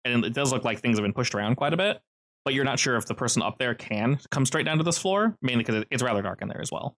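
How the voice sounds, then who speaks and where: A man running a tabletop game, describing scenes in loose, descriptive narration. His pitch sits in the middle. He often restarts his sentences. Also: expressive, quick pace, fairly bright tone. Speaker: game master.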